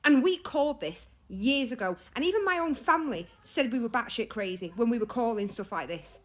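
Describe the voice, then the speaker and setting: Furious high-voiced woman swearing. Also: lively intonation, fairly quick, a little hiss or hum. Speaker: small business owner. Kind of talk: angry social media rant.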